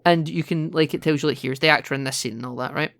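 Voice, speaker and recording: A man's voice: a little high, fairly even intonation, fast talker, a bit bright, no echo. A man co-hosting a podcast, chatting casually about films, explaining and laughing easily. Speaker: podcast co-host. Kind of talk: casual film chat.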